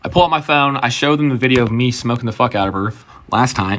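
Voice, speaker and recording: A man's voice: medium pitch, fast talker, fairly bright tone. Casual bartender man telling a story. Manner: conversational, swearing, acts out quotes.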